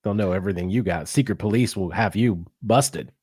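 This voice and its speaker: A man's voice: on the low side, a little fast, darkish tone, husky, no echo, clean studio sound. Laid-back male podcast co-host. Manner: laid-back, joking banter. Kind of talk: casual chat.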